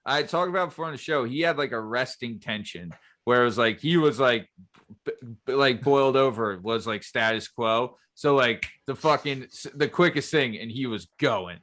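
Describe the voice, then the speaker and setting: A man hosting a podcast in loose, casual chat. His voice is bright and forward, with a medium pitch. He tells stories with energy, swears freely and keeps checking in with his listeners. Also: normal speed. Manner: animated storyteller, swears freely, asks "you know what I mean". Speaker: podcast host.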